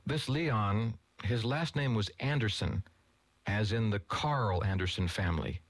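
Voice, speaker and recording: A man voicing a hesitant, halting teenage boy in a read-aloud story. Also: on the low side, dry recording.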